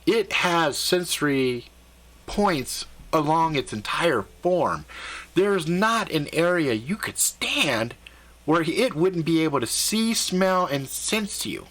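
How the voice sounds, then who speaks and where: A man voicing a casual, reassuring male alien elf guide who explains things quickly and easily. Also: on the high side, sing-song, fairly bright tone, heavily acted. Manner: casual, easygoing, fast explaining.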